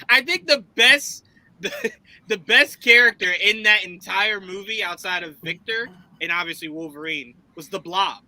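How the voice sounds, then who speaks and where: High, bright-voiced man hosting a stream. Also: unhurried, dry recording, poor audio. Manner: animated, laughing, swears freely. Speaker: host. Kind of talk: casual live-stream chat.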